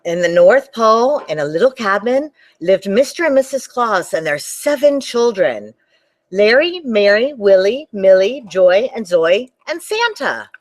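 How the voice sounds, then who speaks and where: A woman librarian reading a picture book aloud to children, animated and talking to them directly. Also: mid-range voice, measured pace. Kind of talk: children's storytime read-aloud.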